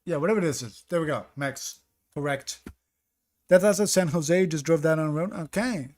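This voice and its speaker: A man with a fairly high, darkish voice streams a geography game at a moderate pace. He thinks out loud, second-guesses himself, and reads from chat during his live commentary.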